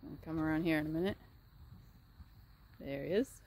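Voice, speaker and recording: A woman's voice: fairly quick, pauses often, a little mellow. Chatty woman coaxing horses outdoors. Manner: chatty, coaxes horses in a high sing-song voice. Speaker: horse rescue farm owner. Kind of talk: casual vlog narration.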